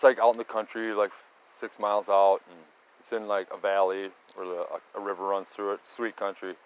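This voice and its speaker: A man's voice: fairly low pitch, low-quality recording. A middle-aged man casually telling a rambling story, often restarting and tagging lines with "right?" and "okay?". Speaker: storyteller recounting local sightings.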